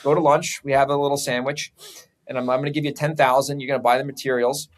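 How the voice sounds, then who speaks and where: A man, a real estate investor guesting on a podcast, telling a story in a casual, profane, animated way. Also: medium pitch, quick pace, a little hiss or hum.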